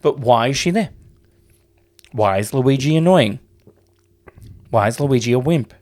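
A man's voice: medium pitch, animated, measured pace, darkish tone, slight background noise. A man co-hosting a podcast in casual chat, rambling and hesitant, swearing freely. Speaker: podcast co-host.

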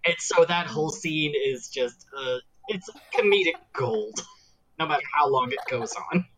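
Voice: mid-range voice, moderate pace, fairly bright tone, a little hiss or hum, low-quality recording. A podcast co-host chatting casually about a film, enthusiastic and acting out favorite lines. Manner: enthusiastic, acts out quotes.

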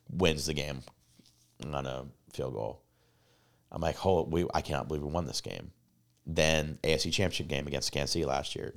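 Deep-voiced guy on a podcast, rambly and excitable, swears a lot, says like constantly. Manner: rambling, excitable storytelling, heavy swearing, many fillers. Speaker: podcast co-host. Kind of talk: casual chat.

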